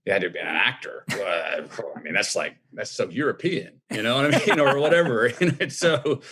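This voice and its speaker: A man in his fifties with a drawl, telling a relaxed personal story in an interview. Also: on the low side, normal speed, creaky, slightly rough. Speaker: guest.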